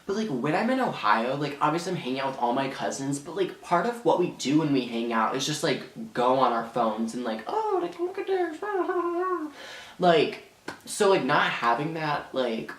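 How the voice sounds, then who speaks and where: A man's voice: medium pitch, animated, moderate pace, a bit bright. A teenage boy telling a dramatic storytime in a rambling way, full of fillers. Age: teens. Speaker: vlogger. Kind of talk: storytime vlog. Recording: echoey room.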